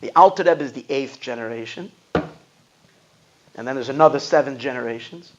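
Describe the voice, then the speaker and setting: A man, a rabbi, giving an emphatic Torah talk to an audience, swinging from loud to hushed. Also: medium pitch, normal speed, background noise. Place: school hall. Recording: dull lo-fi sound.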